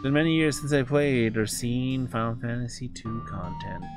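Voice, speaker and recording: A man's voice: mid-range voice, normal speed, music in the background. A man streaming a game live, chatting casually in a rambling, self-correcting way. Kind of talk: casual live gaming commentary.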